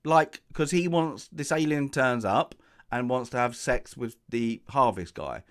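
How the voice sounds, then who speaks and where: A man's voice: mid-range voice, measured pace. A man casually reviewing a film, sarcastic and jokey, acting out characters' lines as he goes. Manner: animated, acts out characters' lines.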